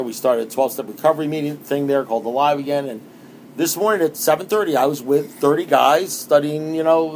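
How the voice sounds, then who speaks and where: A man's voice: fairly high pitch, a little hiss or hum. A middle-aged man from New York giving a rambling, conversational personal testimony to a recovery meeting. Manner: rambling and conversational, with many restarts.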